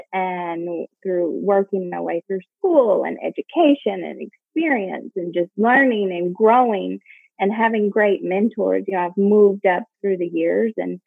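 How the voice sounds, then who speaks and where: A woman in her forties with a Kentucky accent talks as an interview guest, friendly and relaxed. Her voice has a gravelly edge. It arrives dry over a narrow, tinny phone line. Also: medium pitch, dry recording. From Kentucky, USA. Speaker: healthcare executive, guest. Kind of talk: interview answers.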